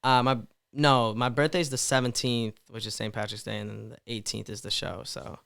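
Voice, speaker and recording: A twenty-year-old man talking as a guest in a casual podcast interview, animated and rambling, often repeating words. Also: medium pitch, normal speed, vocal fry, smooth, dry recording. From Mid Michigan.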